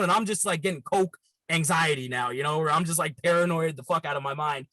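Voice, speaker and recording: A Canadian man in his thirties, a comedian guest, tells a wild, profane party story in casual chat. His voice is a little high and quick, and his delivery is animated and rambling. The audio is poor, with no echo.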